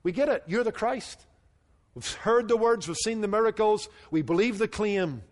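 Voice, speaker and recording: A man's voice: sits high, moderate pace, big-room sound, pitched above the performer's own voice, lightly acted. A man voicing an eager male disciple who suddenly grasps the truth, declaring it in short emphatic bursts. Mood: awed, declaring.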